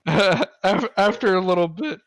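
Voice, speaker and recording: A man's voice: sits high, lively intonation, normal speed, fairly bright tone. A man narrating a tabletop game as game master, easygoing and full of fillers.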